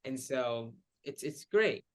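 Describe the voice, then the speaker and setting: A man's voice: medium pitch, expressive, slow pace. A young man interviewing a theater composer, speaking in an admiring, fan-like way. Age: young adult. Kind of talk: casual interview questions.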